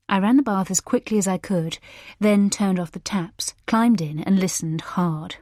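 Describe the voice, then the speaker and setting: A woman reading a first-person thriller audiobook in a measured, quietly scornful manner. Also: mid-range voice, dry recording, clean studio sound. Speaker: audiobook narrator. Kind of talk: first-person scripted narration.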